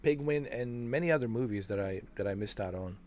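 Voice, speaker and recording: Slight background noise sits under this gaming host's mid-range, slightly mellow voice as he talks a bit fast over a walkthrough. He rambles, says "man" and "dude" a lot, and fumbles for names with frequent self-corrections.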